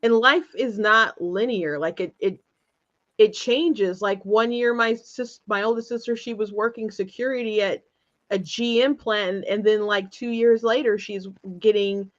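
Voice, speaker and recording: A woman's voice: mid-range voice, a little slow, lo-fi sound. A woman hosting an interview show, talking in a rambling, hesitant way with frequent restarts and laughter. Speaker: show host. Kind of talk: casual conversational interview.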